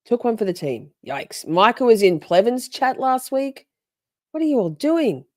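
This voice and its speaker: A woman's voice: medium pitch, lively intonation, normal speed, a little mellow, no echo. A woman hosting a livestream, chatting casually, swearing and reacting to her chat. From Australia. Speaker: livestream host.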